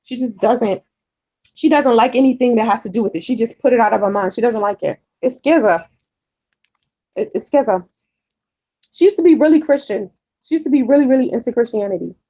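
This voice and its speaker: A woman's voice: a little high, lively intonation, fairly quick, pauses often, warm tone, low-quality recording. A woman vlogger chatting candidly with her viewers, rambling with many fillers and repeats. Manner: chatty and candid, often swears. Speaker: vlogger answering viewer comments. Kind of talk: casual chat.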